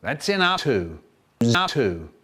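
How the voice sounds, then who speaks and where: A man in his seventies, or an AI clone of one, talking in a choppy, spliced comedy collage with sudden jumps in pitch and loudness. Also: sing-song, takes it slowly, slightly rough. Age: 70s. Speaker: impression of a famous storyteller. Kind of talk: comedic sentence-mixed collage.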